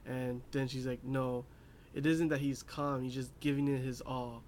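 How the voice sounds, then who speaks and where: A man's voice: mid-range voice, little pitch movement, moderate pace, hardly any pauses, darkish tone, slight background noise. A young man casually recapping an anime episode, rambling with lots of fillers and laughing at his own asides. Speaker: anime reviewer.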